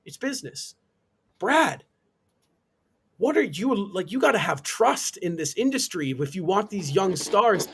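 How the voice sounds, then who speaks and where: A man's voice: sits high, big pitch swings, unhurried, fairly bright tone, husky. A man on a live sports talk stream, ranting emphatically with indignant rhetorical questions. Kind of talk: heated sports opinion rant. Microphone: live stream call.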